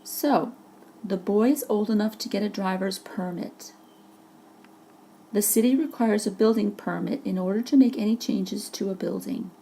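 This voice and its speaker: A woman's voice: mid-range voice, normal speed, mellow, a little hiss or hum. A woman teacher narrating a vocabulary lesson over a presentation, patiently explaining each word with examples. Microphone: voice-over for a slide presentation.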